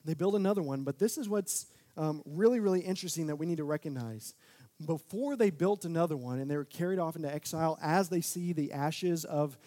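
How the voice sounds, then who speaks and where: A young man preaches a sermon in a fairly high voice. He talks in a relaxed, plain way, then his delivery turns animated and rises to loud, emphatic peaks. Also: fairly quick. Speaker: pastor.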